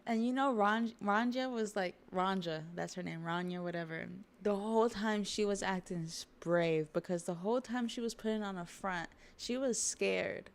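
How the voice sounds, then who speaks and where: A woman's voice: mid-range voice, normal speed, hardly any pauses. A woman streamer reacting emotionally and swearing as she reads a manga aloud. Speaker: streamer reading manga live. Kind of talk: casual reaction chat.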